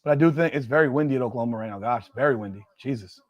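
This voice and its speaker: Hosting a live football watch party, a man shouts at plays and rants about rankings, his fan talk excitable and full of repetition. His medium-pitched voice races along, and the recording is dry with a lo-fi sound.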